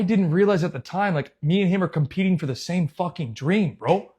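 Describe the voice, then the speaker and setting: A young man tells a story in a loose, slangy way, swearing freely and calling the listener bro. His voice sits a little high for a man. He talks like a coach venting to a friend. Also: fairly quick, few pauses, husky. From United States. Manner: animated, swears a lot, says "bro" and "dude". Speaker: youth soccer coach and channel host. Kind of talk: casual storytelling.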